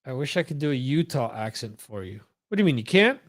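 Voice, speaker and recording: A man's voice: medium pitch, big pitch swings, fast. A man hosting a live-stream podcast, chatting casually, rambling and repeating words while reading out viewer comments. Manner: rambling, repeats words, reads chat aloud. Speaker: podcast host.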